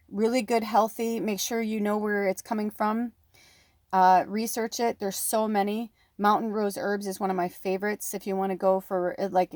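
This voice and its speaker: Middle-aged woman, tarot reader, casual and chatty, close-mic'd and dry, pitched in the middle. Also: darkish tone, no room sound. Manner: chatty, breathy asides, close to the mic. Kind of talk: pick-a-card tarot reading.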